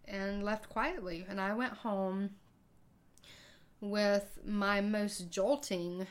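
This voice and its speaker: A woman podcast host telling a personal story in a conversational way, acting out the dialogue with halting hesitations. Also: mid-range voice, fairly even intonation.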